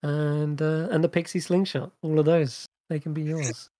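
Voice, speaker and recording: A man running a tabletop game as game master, relaxed and chatty, often laughing. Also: on the high side, normal speed, dry recording.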